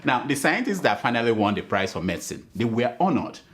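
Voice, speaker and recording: A man's voice: medium pitch, very animated, brisk, fairly bright tone. A man hosting a satirical late-night comedy show, laughing and mock-pompous as he talks.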